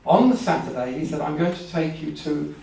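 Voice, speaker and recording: A man's voice: on the high side, fairly quick, gravelly, mellow. A man telling a personal story at a live event, rambling and anecdotal with hesitations. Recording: echoey hall from far off, faint hum.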